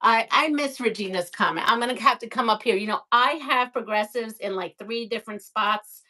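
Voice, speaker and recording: A woman's voice: on the high side, a little fast, pushed and bright. A woman from Brooklyn hosting a casual live stream, chatting, reading viewer comments aloud and laughing often. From Brooklyn, New York.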